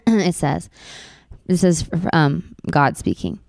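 A woman's voice: deep voice, very animated, slow, gravelly, long pauses, darkish tone, no room sound, clean studio sound. A young woman and new mother talking earnestly to her viewers in a personal vlog, repeating lines for emphasis. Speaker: vlogger mom. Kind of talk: heartfelt personal vlog talk.

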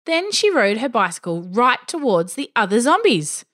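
Expressive woman reading a spooky story. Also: fairly high pitch, moderate pace. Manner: expressive, dryly wry first-person telling. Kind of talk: scripted story narration.

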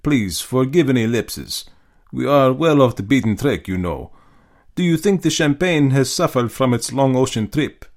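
A man voicing a suave, menacing aristocratic hunter in a storybook reading, speaking slowly and courteously. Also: mid-range voice, expressive, natural voice. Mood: measured menace. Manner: slow, measured, courteous.

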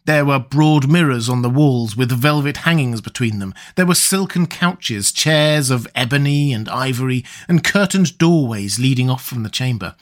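A man giving an audiobook narration of a pulp adventure story, with a steady, even delivery. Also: medium pitch, moderate pace, few pauses.

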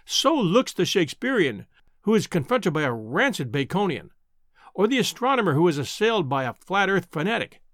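A man reading a classic novel aloud as an audiobook narrator, measured and expressive. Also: sits high, no room sound, studio quality.

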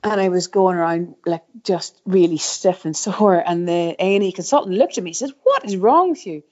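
Speaking briskly in a fairly low, warm voice, a middle-aged guest and former downhill mountain bike racer recalls her racing career in a casual interview. She rambles with lots of fillers and restarts, and the recording sounds slightly dull and muffled.

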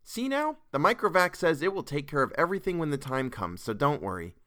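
A man playing a cheerful young father gently explaining things to his children. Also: mid-range voice, very animated, fairly quick. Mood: reassuring.

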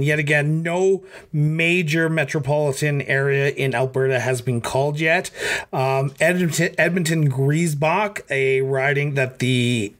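A man hosting a political podcast, talking casually with halting fillers while he reports results. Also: on the high side, fairly bright tone. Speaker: podcast host. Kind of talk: political talk and election coverage.

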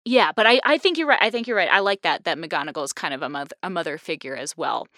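Young woman host, lively bright delivery, dry close sound, casual chat. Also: fairly low pitch, fast, no echo. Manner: animated, laughing, with many restarts. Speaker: podcast host.

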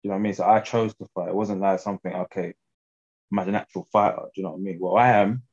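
Young English man, low voice, laid-back slangy chat, dull lo-fi sound. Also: steady tone, rapid-fire, darkish tone, husky. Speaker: guest fighter. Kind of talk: casual interview chat.

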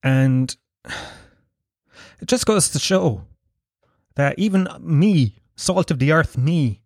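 A man's voice: fairly high pitch, lively intonation, drawn-out words, darkish tone, dry recording, clean studio sound. A man with an Irish accent hosting a casual solo podcast, rambling, jokey and full of swearing. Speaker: podcast host.

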